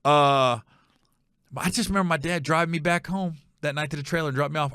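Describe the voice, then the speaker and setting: A middle-aged man hosting a podcast, telling a story casually and animatedly, acting out other people's voices with high shouts. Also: fairly quick, clean tone, dry recording, studio quality.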